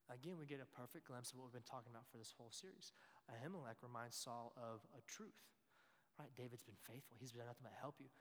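A man's voice: medium pitch, a bit bright. A man preaching a sermon in a conversational way, with joking asides to his listeners. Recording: long hall reverb.

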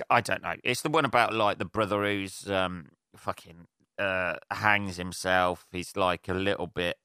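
A man's voice: low voice, sharp tone, clean tone, no echo, studio quality. A man hosting a solo podcast, talking in a rambling, profane, casual rant with many fillers and restarts. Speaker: podcast host. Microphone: handheld portable recorder.

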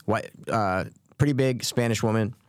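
A man's voice: lowish voice, normal speed. A young man co-hosting a podcast, telling a rambling story in casual chat, swearing often and acting out what people said. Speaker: podcast co-host.

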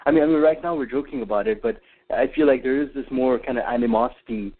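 A man's voice: mid-range voice, fast talker. A man calling in to a radio talk show, speaking hesitantly with many fillers and restarts, heard over a tinny phone line. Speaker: caller. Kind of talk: call-in radio chat.

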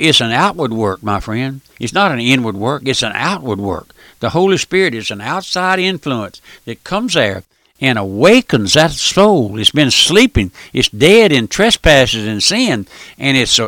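A man's voice: a little high, bright, forceful tone, no room sound. An older man preaching a radio sermon, emphatic and folksy.

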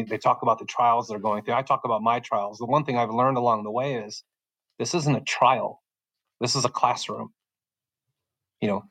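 A middle-aged man sharing his personal faith testimony as a podcast guest, talking in a halting, emotional way and often repeating words as he restarts. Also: medium pitch, low-quality recording.

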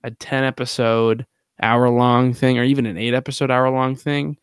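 A man's voice: mid-range voice, level tone, normal speed, clean tone, dry recording, clean studio sound. A man co-hosting a podcast, chatting casually and laid-back about a TV show, often chiming in with short agreements. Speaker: podcast co-host. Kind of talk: casual chat reviewing TV.

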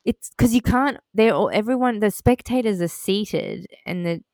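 Chatty woman w a smooth clear voice, dry close sound. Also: medium pitch, moderate pace, a little mellow, no echo. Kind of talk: casual chat reviewing a show.

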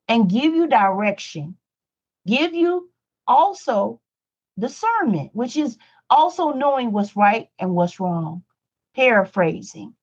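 Pleading woman preacher, fairly high voice. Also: highs cut off. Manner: pleading, repeats lines for emphasis. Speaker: Bible study teacher. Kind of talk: preaching sermon.

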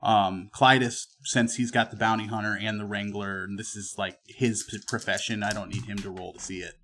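A man running a tabletop western role-playing game as game master. He narrates and calls for rolls in a relaxed, unhurried way, often pausing with fillers. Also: lowish voice.

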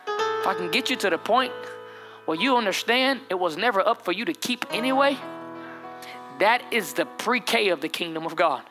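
A man's voice: high voice, animated, normal speed. Impassioned male pastor preaching over music. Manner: impassioned, repetitive and rising preaching. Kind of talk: sermon.

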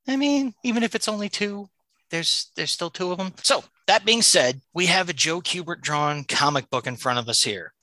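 Man, podcast host, enthusiastic, very bright voice, dry close sound. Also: sits high, moderate pace, no room sound, low-quality recording. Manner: enthusiastic, animated reading of synopsis. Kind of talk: comic book review podcast.

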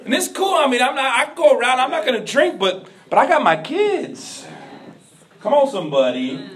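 A man preaching to his church, his voice unusually high and carried through an echoey hall. The mic sits some way off from him. He calls to the congregation and rises to shouts. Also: sing-song, moderate pace, far from the mic. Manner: call-and-response preaching, rising to shouts. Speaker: pastor. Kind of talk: sermon. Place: church sanctuary.

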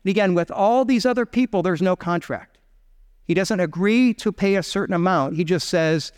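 A middle-aged pastor preaching a sermon in a slightly high-pitched male voice. He tells the story in an animated way, acting out the characters' voices. The sound carries the long reverb of a church sanctuary. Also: moderate pace, clean tone.

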